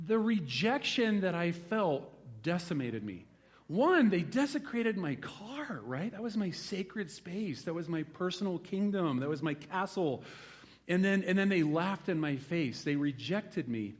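A rural American pastor in his forties, his voice sitting high, preaches in a church hall. He animatedly recounts a story from his country youth, shifting from loud exclamations to a hushed, reflective tone.

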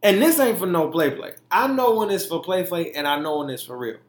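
A man's voice: high voice, expressive, brisk. A young man hosting a podcast, speaking candidly and emphatically, often profane, acting out the way he talks to himself. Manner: candid and emphatic, profane, mimicking his own inner talk. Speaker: podcast host. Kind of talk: candid monologue. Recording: echoey room.

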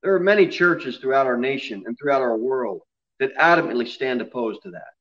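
A man's voice: medium pitch, expressive, fairly quick, a bit bright, lo-fi sound. Man preaching a dynamic sermon. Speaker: pastor. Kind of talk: expository sermon. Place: church sanctuary.

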